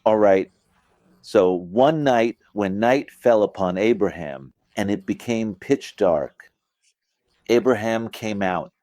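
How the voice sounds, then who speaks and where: A middle-aged religious teacher gives an informal explanatory lecture, speaking conversationally and asking listeners "you get it?" His lowish, warm voice moves slowly with lively intonation, and he acts out phrasings with vocal emphasis. The recording is dry.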